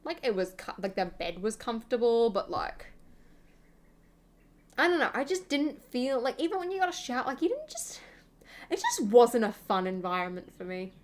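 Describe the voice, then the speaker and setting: A woman's voice: fairly high pitch, sing-song, normal speed. Rambling young woman chatting. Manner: rambling, filler-heavy, chatty. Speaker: gaming channel host. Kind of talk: casual chat over gameplay.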